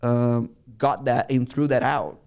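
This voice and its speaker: A man's voice: mid-range voice, takes it slowly, clear, resonant tone. A man hosting an interview, talking eagerly in casual chat and often restarting his sentences. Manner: eager, restarts often, speeds up when excited. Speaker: podcast host.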